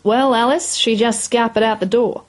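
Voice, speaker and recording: A woman's voice: a little high, fairly even intonation, normal speed, close to an everyday voice. A woman reading a story aloud, voicing an unflappable young male pub manager who speaks in a dry, matter-of-fact way.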